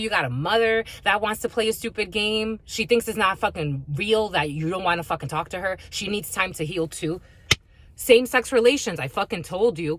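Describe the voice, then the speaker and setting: A spiritual reader with a mid-range, slightly bright voice delivers an intuitive reading to her viewers. She's blunt and rants with heavy profanity.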